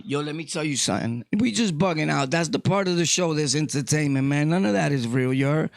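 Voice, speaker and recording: A middle-aged man with a New York accent, ranting casually to his viewers, loud one moment and low the next. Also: fairly quick, vocal fry, dry recording, studio quality. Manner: loud, shifting between shouting and low talk. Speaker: vlogger. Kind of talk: casual rant to camera.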